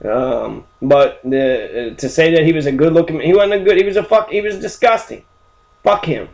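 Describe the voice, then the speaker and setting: A man's voice: a little high, normal speed, creaky, a little mellow. A man hosting a history show, ranting angrily about historical figures with heavy swearing and rambling asides. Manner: angry, heavily swearing, rambling. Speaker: history channel host. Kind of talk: profane history rant.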